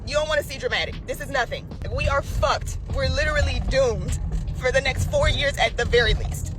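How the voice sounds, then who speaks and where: A woman rattles off an upset social media rant at a quick clip. Her voice is high and she curses often, sounding incredulous. Music plays clearly in the background. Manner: fast, profane, incredulous.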